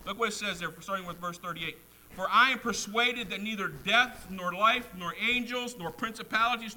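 Male preacher, high and very bright voice, fervent, repetitive, loud peaks and hushed asides. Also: low-quality recording. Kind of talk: sermon.

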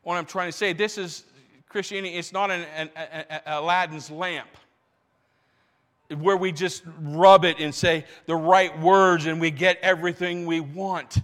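A male pastor preaching a sermon, animated, stumbling over restarts as he builds his points. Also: sits high, measured pace, long reverb tail.

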